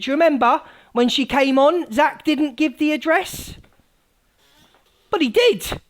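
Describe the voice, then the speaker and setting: Scathing woman ranting on stream. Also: sits high. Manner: scathing, mocking, swings from loud to muttering. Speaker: live stream host. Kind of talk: heated live-stream rant.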